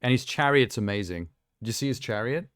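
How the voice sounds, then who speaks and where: A man's voice: mid-range voice, lively intonation, brisk, a bit bright, clean tone. A young man live streaming, chatting casually and rambling with self-amused asides while reacting to trailers.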